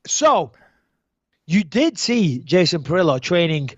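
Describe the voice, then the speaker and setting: A man hosting a podcast, telling stories in an animated, joking way and swearing freely. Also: fairly high pitch, slow, no echo, lo-fi sound. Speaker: podcast host. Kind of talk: casual podcast chat.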